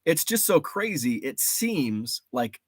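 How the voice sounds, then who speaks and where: A man hosting a casual livestream, rambling and animated, greeting viewers from the chat, a bit stuffy from allergies. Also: on the high side, takes it slowly, slightly rough, no echo, studio quality. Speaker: livestream host. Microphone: studio mic.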